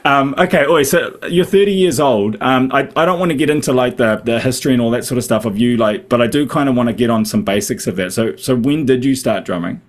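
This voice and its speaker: A man's voice: mid-range voice, fast, few pauses. A man in his late thirties hosting a casual interview over a video call, talking loosely, swearing freely and laughing often. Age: 30s. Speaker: podcast host.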